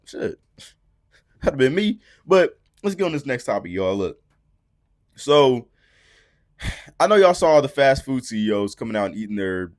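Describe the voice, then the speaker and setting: A young adult man hosting a podcast, ranting profanely in a casual way and swinging between low mutters and loud outbursts. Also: no room sound, studio quality. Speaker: podcast host. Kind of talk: unfiltered casual rant.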